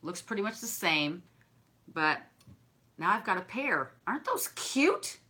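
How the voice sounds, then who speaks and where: A chatty woman with a bright, forceful voice shows off gifts from her viewers. She gushes over every little thing in a warm, effusive, casual way. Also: medium pitch, very animated, unhurried, husky. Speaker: craft and decor vlogger.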